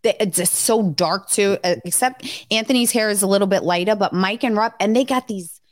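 A woman's voice: mid-range voice, brisk, no room sound, clean studio sound. Middle-aged woman co-host, mid-range voice, rambling casual delivery. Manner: chatty, rambling, many fillers and restarts. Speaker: podcast co-host. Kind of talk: casual chat.

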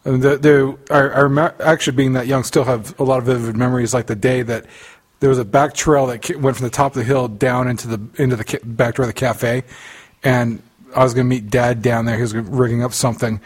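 A man's voice: mid-range voice, level tone, fairly quick. A man in his forties co-hosting a podcast, telling wry stories in casual chat. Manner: wry, storytelling. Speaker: podcast co-host.

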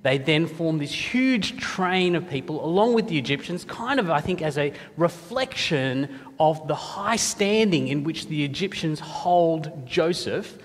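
A man preaching in a church, talking through the story in a reflective, conversational way. His fairly high voice rises and falls a lot, and a long reverb trails every phrase. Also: animated, unhurried. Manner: reflective, conversational teaching with frequent restarts. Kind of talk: sermon.

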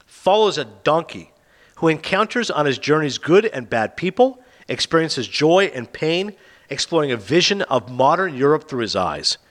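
A man hosting a casual chat, retelling film plots and reviews with an animated, sarcastic manner. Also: fairly high pitch, moderate pace. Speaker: podcast host reviewing films.

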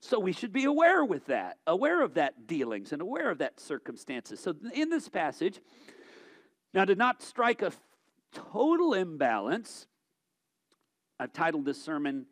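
A man's voice: high-pitched, wildly swooping pitch, measured pace, no room sound. A male pastor preaching a sermon in a conversational way, with restarts and rhetorical questions.

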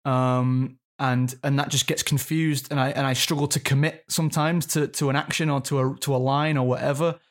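A man's voice: medium pitch, steady tone, fairly quick, hardly any pauses. A man from England, an actor being interviewed, talking in a casual and reflective way with frequent restarts. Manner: thoughtful, restarts sentences often. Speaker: actor guest.

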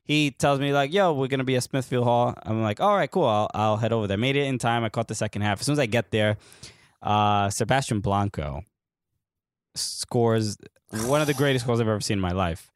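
A man's voice: medium pitch, a little fast, clear, resonant tone, dry recording, clean studio sound. A young man from the United States, co-hosting a casual soccer podcast, telling a rambling story full of fillers and laughter. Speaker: podcast co-host. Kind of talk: casual chat.

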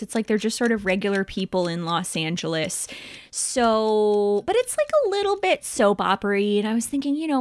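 A woman's voice: medium pitch, no echo, studio quality. Wry woman podcast co-host. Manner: wry, rambling storytelling with many fillers. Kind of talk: casual comedic chat.

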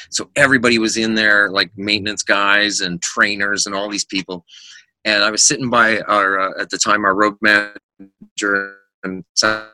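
A middle-aged man with a forceful, bright voice and a slightly low pitch tells rock-tour stories as a podcast guest. He slips into other people's voices for quotes and laughs as he goes. The sound is dry and close. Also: dry recording. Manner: animated anecdotes, acts out quotes, laughs often. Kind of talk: casual storytelling in a podcast interview.

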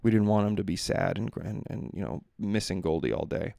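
Low, smooth-voiced man telling personal stories. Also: lively intonation, a little fast, mellow, no echo, studio quality. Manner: rambling, filler-heavy, restarts sentences often. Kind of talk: casual personal storytelling.

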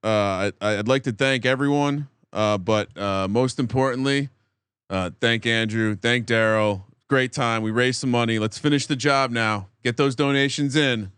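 A man co-hosting a podcast, chatting casually and excitedly, stumbling over his words and swearing freely. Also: medium pitch, normal speed, clean tone, no room sound. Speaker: podcast co-host. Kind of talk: casual fantasy draft banter.

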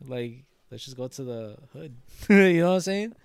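A young man in his twenties co-hosting a podcast, chatting casually with slang and frequent swearing, getting animated in his rants. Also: medium pitch, normal speed, gravelly, clear, resonant tone, no room sound. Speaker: podcast co-host. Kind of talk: casual chat.

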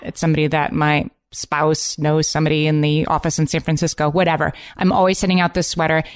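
A woman with a somewhat low voice talks casually on a podcast. She tells her stories with eager enthusiasm. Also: clear, resonant tone. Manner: chatty, enthusiastic storyteller. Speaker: podcast co-host. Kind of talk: casual chat and read sponsor ad.

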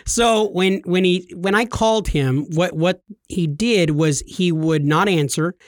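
A man co-hosting a podcast, telling a story in casual chat, animated, acting out voices and laughing often. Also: sits high, unhurried, no room sound, clean studio sound. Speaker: podcast co-host.

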